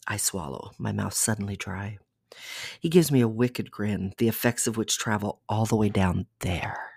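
A podcast host reading an erotic audiobook aloud in a soft, intimate way that slips into whispers. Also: deep voice, measured pace, gravelly, husky, dry recording, studio quality. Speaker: podcast storyteller.

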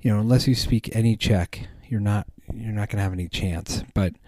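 A man's voice: on the low side, brisk, mellow, no echo. A man hosting a podcast, chatting casually in a rambling way with many ums and restarts. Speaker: podcast host. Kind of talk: casual chat.

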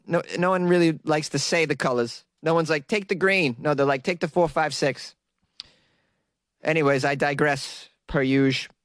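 A man's voice: a little high, fairly bright tone, smooth, no room sound. A man from Boston hosting a comedy news segment, teasing and sarcastic and laughing often. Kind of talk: mocking comic commentary on weird news.

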